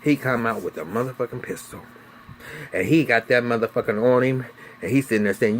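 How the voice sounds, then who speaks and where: There's a little hiss or hum behind this brisk, mid-range male voice. He's a TV recap reviewer walking casually through an episode, swearing liberally and telling it energetically while acting out characters' lines.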